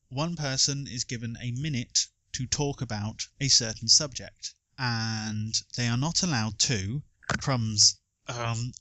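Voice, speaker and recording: A man's voice: mid-range voice, sharp tone, no room sound. A man casually hosting a podcast quiz, playful and joking, rambling a little between questions. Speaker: quiz host.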